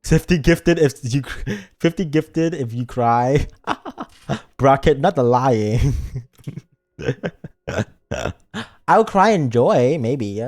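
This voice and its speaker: A man's voice: mid-range voice, expressive, drawn-out words, pauses often, darkish tone, soft background music. A man streaming a game in a silly, joking and rambling way. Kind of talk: casual game stream chat.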